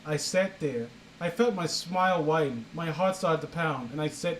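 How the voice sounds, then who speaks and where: A man's voice: a little high, normal speed, slight background noise, rough recording. A young man hosting a comedic reading of fan fiction, sarcastic and exasperated in his commentary. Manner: sarcastic, exasperated, breaks into laughter.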